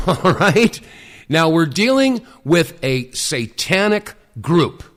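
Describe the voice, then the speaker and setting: Emphatic middle-aged talk radio host. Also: male voice, fairly high pitch, very animated, fairly bright tone. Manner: emphatic, deliberate, with many fillers.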